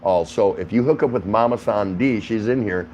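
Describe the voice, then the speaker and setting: A man with a fairly low voice chats casually with his livestream audience from home. He greets viewers by name, reacts to their comments and laughs easily as he talks. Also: moderate pace, darkish tone, dull audio, a little hiss or hum. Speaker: livestream host.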